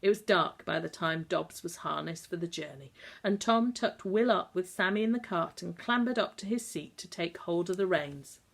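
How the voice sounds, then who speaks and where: Calm woman reading an audiobook. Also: on the low side, moderate pace, vocal fry. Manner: calm, even storytelling. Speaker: audiobook narrator.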